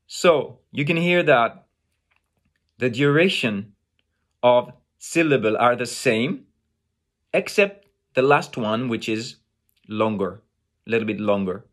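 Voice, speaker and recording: A man with a French accent teaching French pronunciation in English, slow and deliberate, repeating phrases and demonstrating sounds. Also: medium pitch, very animated, fairly bright tone. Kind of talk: pronunciation lesson.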